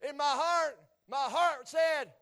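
Male preacher, middle-aged, very high voice, storytelling testimony with big swings from hushed to loud, repeats lines for effect. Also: takes it slowly, vocal fry. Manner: animated, swings from hushed to shouting, repeats phrases. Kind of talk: sermon storytelling.

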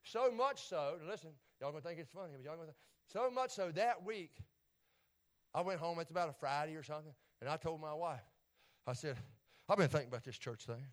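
A middle-aged man, preaching a testimony, swinging between hushed tones and shouts and repeating his phrases. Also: fairly high pitch, brisk. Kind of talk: sermon storytelling.

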